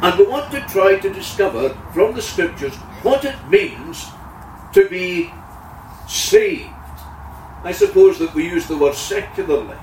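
A man preaching a sermon, earnest, with his voice rising loudly on key words. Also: sits high, very animated, normal speed, hardly any pauses, a little hiss or hum. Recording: echoey room heard from a distance.

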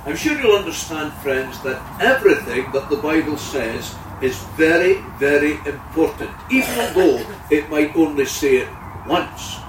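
A man's voice: on the high side, very animated, a little slow, background noise. Male preacher, earnest sermon, distant roomy sound. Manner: earnest, swells loudly on key words. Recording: echoey room heard from a distance.

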